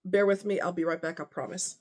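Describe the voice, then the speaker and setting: A woman's voice: lowish voice, fast talker, a little mellow, a little hiss or hum. A woman telling a painful personal story off the cuff, emotional and rambling, with many fillers.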